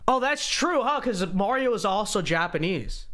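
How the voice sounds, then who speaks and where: Young man, livestream host, animated, bright tone, sing-song delivery. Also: high voice, normal speed. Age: young adult. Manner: animated, joking, frequent restarts. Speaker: show host. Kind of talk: casual livestream commentary reading viewer donations.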